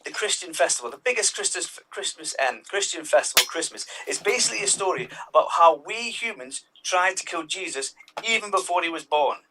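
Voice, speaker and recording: A male comedian with a fairly high, bright voice doing stand-up. His delivery swings widely in pitch as he leaps into character voices. He comes through on a video call. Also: a little fast, hardly any pauses, recorded from a distance, slight background noise, low-quality recording. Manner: animated, jumps into voices for characters.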